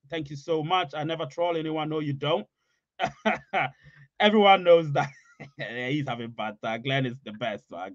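A man with a fairly high voice hosts a live stream, talking straight to his viewers and hammering points home by saying them again and again. The sound is dry and close, with a slightly dull, muffled tone. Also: fairly bright tone, dry recording. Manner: emphatic, repeats phrases for emphasis. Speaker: livestream host. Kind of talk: casual live chat, reading comments.

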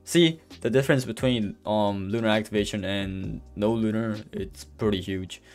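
A man's voice: fairly low pitch, normal speed. A man giving a casual gameplay voice-over, rambling with many fillers and restarts and openly stumbling over his words. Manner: says he is stuttering and can barely speak. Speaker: gameplay commentator. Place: voice-over recorded apart from the footage. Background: faint background music.

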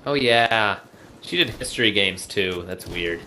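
A man playing a co-op video game with a friend, chatting casually and joking, with loud exclamations. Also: fairly low pitch, a little slow, slight background noise. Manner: animated, jokey, exclaims loudly. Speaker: co-op player.

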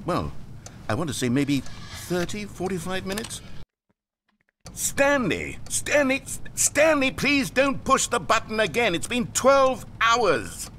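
A man's voice: sits high, sing-song, unhurried, sharp tone, slight background noise, heavily acted. A man voicing a weary, dramatic video game narrator who is trapped with the player and swings between pleading despair and scorn.

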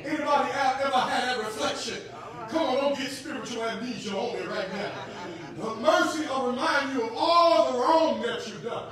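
A man preaching a sermon as guest pastor, calling out to the congregation and building to shouted climaxes. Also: extremely high pitch, moderate pace, a crowd in the background. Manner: repeats phrases for emphasis. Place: church sanctuary. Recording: very echoey church hall, voice from far off, music behind.

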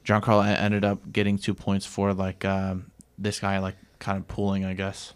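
Man, lowish smooth voice, hesitant storyteller, lots of pauses. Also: completely flat delivery. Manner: hesitant, many fillers and restarts. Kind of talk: casual chat.

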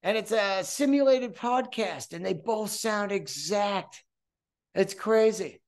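A man in his fifties hosts a solo podcast, telling rambling, profane stories and acting out voices as he goes. He speaks slowly in a high voice.

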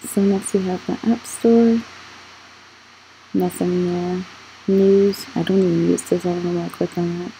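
Young adult woman, channel host; dark, relaxed tone, rambling unhurried walkthrough delivery. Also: fairly low pitch, gravelly, a little hiss or hum, rough recording. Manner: rambling, questions her own scrolling. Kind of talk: casual screen walkthrough vlog.

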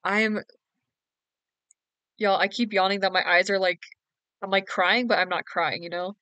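A woman's voice: medium pitch, fairly even intonation, normal speed, pushed and bright, no echo. Giggly sleepy young woman streamer. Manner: giggly, teasing, sleepy and yawning. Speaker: game streamer. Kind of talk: casual live-stream chat.

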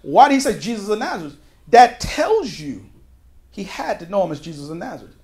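Guy pastor with a high voice doing a chatty bible study, gets loud then drops real quiet. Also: very animated, fairly quick. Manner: conversational, with folksy asides and quoted voices; emphatic, with sudden drops to a quiet voice. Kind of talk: verse-by-verse Bible teaching.

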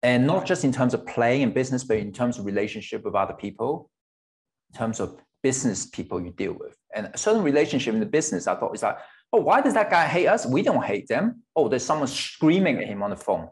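A man's voice: medium pitch, lively intonation, quick pace, darkish tone. Candid man in his forties. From Hong Kong. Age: 40s. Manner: candid, swears casually, laughs between thoughts. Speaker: guest guitarist. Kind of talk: casual interview chat.

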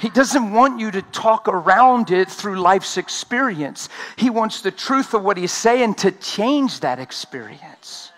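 A man preaching an energetic sermon at a conference, talking fast and laughing along the way. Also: high voice.

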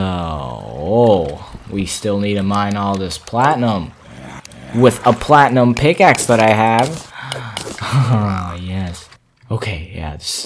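A man giving casual, excitable commentary while playing a video game, gasping at finds and talking to his viewers. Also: deep voice, a little hiss or hum. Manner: excitable, gasps and exclaims at discoveries, chats to viewers. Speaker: gaming channel host.

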